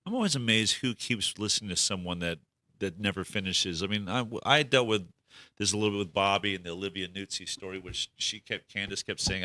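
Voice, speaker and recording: Male talk show guest, low voice, forceful bright tone, exasperated questioning delivery. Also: animated, brisk, no echo. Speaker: guest panelist.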